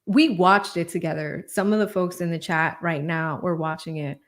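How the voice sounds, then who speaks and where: A woman's voice: on the low side, fairly even intonation, normal speed. A woman hosting a livestream, chatting casually, thanking donors and laughing often. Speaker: livestream host.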